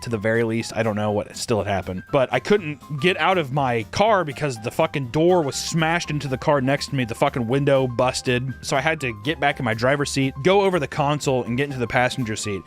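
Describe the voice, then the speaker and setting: A man at an ordinary mid pitch tells a story to his viewers, casual and profane. He swings between low asides and loud bursts as he acts out his own shouting, with faint music underneath. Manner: profane and animated, loudly acting out his own yelling. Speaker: YouTuber.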